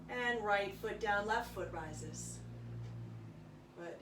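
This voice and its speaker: A woman guides a yoga session in a calm, soft-spoken way, cueing each breath and stretch. Her voice sits at an ordinary middle pitch. The sound is roomy and echoing, picked up from some distance with faint background hiss. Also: slow pace, long pauses. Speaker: yoga instructor. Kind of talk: guided yoga class instruction. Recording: echoey room, voice from a distance.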